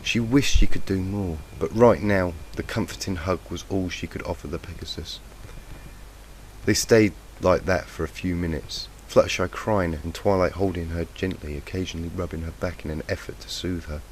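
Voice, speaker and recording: A man's voice: low voice, steady tone, moderate pace. A man with a cold reading a fanfic aloud in a plain, lightly emotive way on a faulty home mic. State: has a cold, croaky. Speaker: fanfiction reader. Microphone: cheap faulty home mic. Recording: noisy lo-fi mic.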